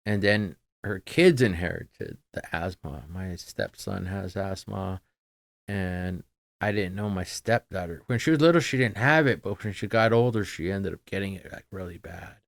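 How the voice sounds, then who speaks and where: A middle-aged man with a low, gravelly voice talks as a podcast guest. He speaks in a halting, subdued way, trailing off into fillers. The sound is close and dry, with no room around it. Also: animated, dry recording. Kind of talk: casual conversation.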